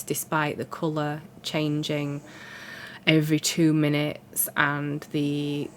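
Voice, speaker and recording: A woman's voice: low-pitched, a little hiss or hum. A woman, congested and sore-throated from a cold, chatting in a rambling, self-deprecating way about her cross-stitch. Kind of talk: casual chat.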